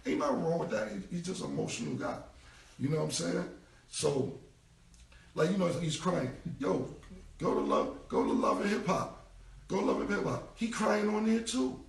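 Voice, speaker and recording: A man's voice: fairly high pitch, huge pitch swings, moderate pace, gravelly, echoey room, far from the mic. A man in his forties with a New York accent, ranting bluntly in street slang and cursing on a casual live stream. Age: 40s. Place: indoor room, live stream. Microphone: phone mic.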